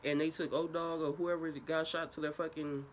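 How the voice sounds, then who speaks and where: A young woman vlogger telling a casual, profane story time in an animated way. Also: low-pitched, brisk, a little hiss or hum.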